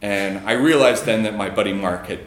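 Guy telling a story, loose and rambly, chuckles a lot, lowish voice, echoey room. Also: a little fast, background noise. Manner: casual and rambling, with fillers and chuckles. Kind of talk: live storytelling.

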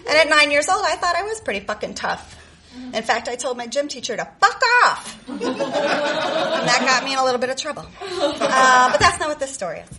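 A woman's voice: high voice, sing-song, fairly quick, a crowd in the background, poor audio. A woman from Chicago telling a profane, sarcastic personal story to a live audience, laughing often. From Chicago, USA.

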